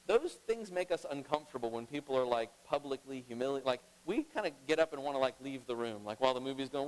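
A middle-aged man preaching a sermon as pastor, emphatic, swinging between loud and hushed. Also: mid-range voice, lively intonation, fast talker, few pauses. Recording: long reverb of a large hall.

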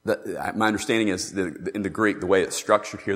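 A man preaching a sermon, emphatic and animated, acting out the scripture he quotes. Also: sits low, fairly quick, few pauses. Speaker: pastor. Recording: long reverb in a large hall.

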